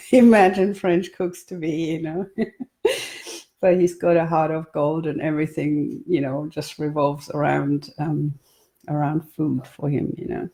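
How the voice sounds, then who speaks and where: A woman author chatting in a relaxed way before reading live from her book for an online stream. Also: sits low. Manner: relaxed, chatty, with ums and laughs. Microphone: webcam or phone for a live stream.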